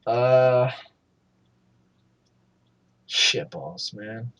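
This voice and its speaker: A man's voice: mid-range voice, very slow, no echo. A man co-hosting a gaming podcast, chatting loosely with lots of fillers and swearing. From Pennsylvania. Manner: loose, filler-heavy, swearing, bursts into loud mock shouting. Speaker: podcast co-host. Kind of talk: casual chat.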